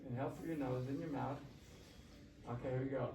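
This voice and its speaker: A male shakuhachi teacher runs a workshop in an echoey classroom, chatting, coaxing, and asking the class questions. His mid-range voice is steady in tone and fairly quick. The mic is far off, giving a roomy sound with faint hiss.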